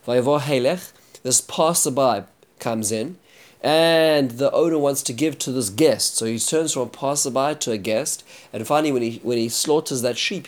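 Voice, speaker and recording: A man's voice: medium pitch, a little mellow. A man teaching a Bible chapter, retelling the story earnestly and explaining it.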